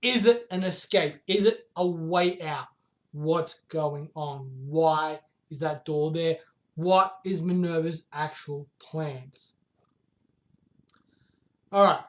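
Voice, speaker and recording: Excitable high-voiced man recapping a chapter. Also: takes it slowly. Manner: excitable, rhetorical questions, swears casually. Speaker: manga chapter reviewer. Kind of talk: casual recap vlog.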